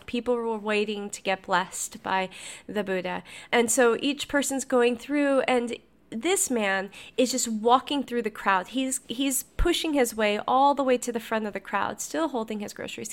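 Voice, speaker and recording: Motivational podcast host, woman, a touch high-pitched, earnest and reflective storyteller.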